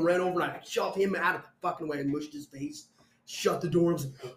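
A man's voice: on the high side, fast. A young man telling a story in casual chat, swearing a lot and acting out what people said. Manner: profane, animated, acts out quotes loudly. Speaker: storyteller guest. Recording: echoey room.

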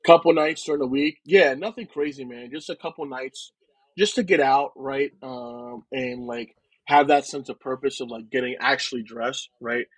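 A man's voice: medium pitch, normal speed, slightly rough, no room sound, rough recording. Laid-back man, dry close recording. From New Jersey, United States. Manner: relaxed, rambling, fills talk with "man" and "right". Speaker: podcast guest. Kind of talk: casual conversation.

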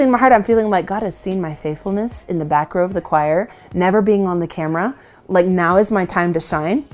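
A woman, a worship leader, telling self-deprecating stories in a casual interview, often laughing. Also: medium pitch. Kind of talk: casual storytelling in conversation.

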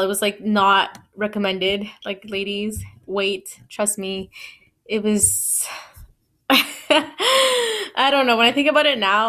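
Here a podcast host in her twenties recounts something personal in a loose, talkative style, full of "like" and "you know", often laughing at herself. The voice is mid-range with a fairly bright tone.

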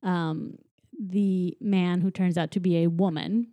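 A woman's voice: on the low side, steady tone, slow, warm tone, dry recording, highs cut off. A woman chatting casually on a podcast, retelling a movie and acting out lines in silly voices, often giggling. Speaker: podcast co-host. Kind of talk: casual movie recap chat.

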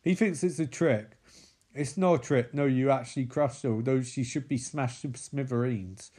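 A man's voice: medium pitch, moderate pace, warm tone, breathy edge. Incredulous, swearing man recapping a movie. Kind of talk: casual movie recap and commentary.

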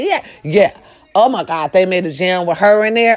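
A middle-aged woman chatting casually and loudly to her viewers, swearing freely and breaking into snatches of song. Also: on the high side, normal speed. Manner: loud, profane and animated, with sung snippets. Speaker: live-stream host.

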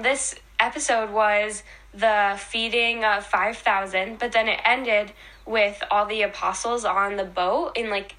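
Bright-voiced young woman, eager storyteller. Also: medium pitch. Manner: enthusiastic, retells scenes with many fillers. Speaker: podcast co-host. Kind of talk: casual faith chat.

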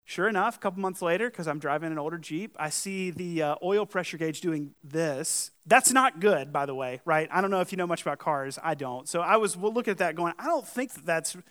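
A man's voice: on the high side, fairly quick, hardly any pauses, fairly bright tone. A man with a Southern US accent preaching a sermon to his congregation, conversational and full of questions to his listeners. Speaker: pastor. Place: church hall.

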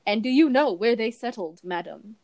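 Brief: female podcast co-host, slightly high voice, dry close sound, giggly casual delivery. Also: lively intonation, normal speed, a little mellow, dry recording. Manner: chatty, giggly, hedges with fillers. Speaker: podcast co-host sharing facts. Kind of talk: casual chat. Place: Bay Area.

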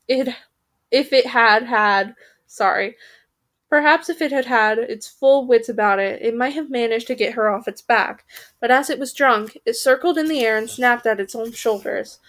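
A woman reading a storybook aloud for a podcast, lively and now and then stumbling over a word and correcting herself. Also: fairly high pitch, normal speed. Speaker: podcast reader.

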